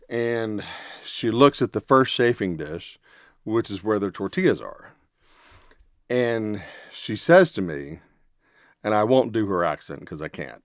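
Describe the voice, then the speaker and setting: A man hosting a podcast, telling a casual anecdote in a rambling, animated way with many fillers. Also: on the low side, no echo, clean studio sound. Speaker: podcast host. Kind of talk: casual storytelling.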